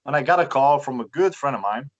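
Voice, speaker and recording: Man, Romanian accent, casual storytelling, halting delivery, average pitch. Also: animated, highs cut off. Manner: halting, repeats words, chatty. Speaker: guest, bus collector.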